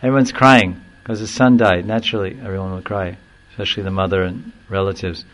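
A man giving a devotional discourse, explaining verses and telling a story in an animated way, now and then acting out the people in it. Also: deep voice, low-quality recording. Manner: animated storyteller who acts out quoted voices and chuckles; recites Sanskrit verse slowly, then explains it. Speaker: spiritual teacher.

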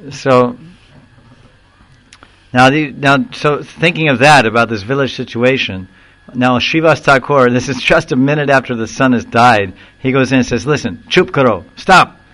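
A man giving a devotional discourse, explaining verses and telling a story in an animated way, now and then acting out the people in it. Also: mid-range voice, low-quality recording. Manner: animated storyteller who acts out quoted voices and chuckles; recites Sanskrit verse slowly, then explains it. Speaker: spiritual teacher.

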